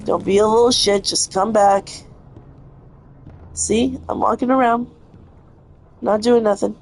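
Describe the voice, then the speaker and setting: A woman's voice: fairly high pitch, fairly even intonation, measured pace, long pauses, a little mellow. A young woman giving live gameplay commentary, frustrated and cursing at the game as she plays. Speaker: gaming streamer.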